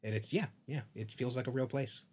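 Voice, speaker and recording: A man's voice: mid-range voice, brisk, slightly rough. A man co-hosting a podcast, talking through a TV series thoughtfully and often restarting his sentences. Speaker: podcast co-host. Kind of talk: casual chat.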